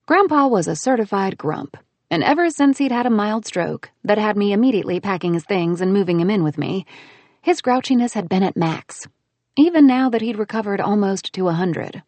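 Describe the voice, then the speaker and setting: A woman narrating a first-person audiobook in an expressive, animated way. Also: medium pitch, normal speed, no room sound.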